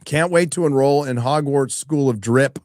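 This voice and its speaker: A middle-aged man hosts a live stream in a loose, chatty way, cursing often as he reads out viewer messages. His voice sits at an ordinary pitch and is recorded dry and close to the mic. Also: normal speed, darkish tone, dry recording. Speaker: livestream host reading donations. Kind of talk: casual live-stream chat.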